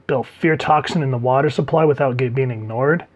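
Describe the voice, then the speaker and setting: A man's voice: medium pitch, a little fast, natural voice. A man voicing a manic, cruel male clown villain in a giddy, sing-song way while reading a comic aloud. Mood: indignant.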